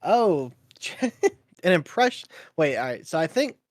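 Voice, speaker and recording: A man casting an esports match, easygoing, laughing often and filling pauses with ums. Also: a little high, sing-song, no room sound, clean studio sound. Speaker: esports caster. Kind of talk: play-by-play commentary.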